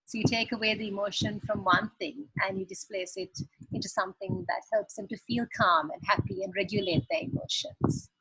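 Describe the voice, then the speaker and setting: A woman's voice: mid-range voice, steady tone, a little fast, sharp tone, breathy edge, no room sound, rough recording. A woman giving earnest parenting advice on a video call, explaining with examples. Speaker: parenting guest expert.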